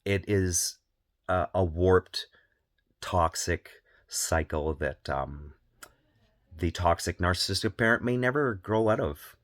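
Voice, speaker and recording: A man's voice: deep voice, slow pace, a bit bright, no room sound, clean studio sound. A man talking candidly as a parenting vlogger, earnest, repeating phrases for emphasis. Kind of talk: candid personal monologue.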